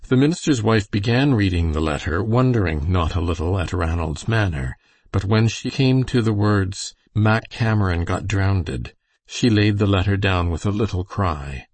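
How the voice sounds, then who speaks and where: A man reading a novel aloud as an audiobook narrator, with steady, unhurried storytelling. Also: fairly low pitch, husky, no echo. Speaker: audiobook reader. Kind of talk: scripted narration.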